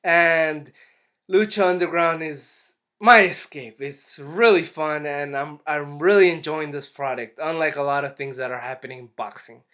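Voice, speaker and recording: A man with a higher-than-usual voice talks through a wrestling episode in a loose, casual review. He restarts his sentences often and slips into little acted-out quotes. The delivery is relaxed and chatty. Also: normal speed, smooth. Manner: rambling, restarts often, acts out quotes animatedly. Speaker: YouTube wrestling and boxing reviewer.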